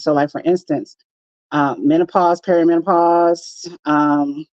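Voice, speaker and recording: A woman's voice: low-pitched, steady tone, moderate pace, darkish tone, no room sound, highs cut off. A middle-aged woman co-hosting a live chat show, talking in a direct, matter-of-fact way. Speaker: co-host.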